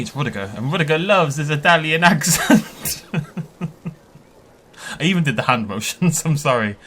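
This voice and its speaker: A man giving an excitable, chatty tour of a park built in a game, laughing often as he goes. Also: medium pitch, a little hiss or hum. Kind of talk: casual gameplay commentary.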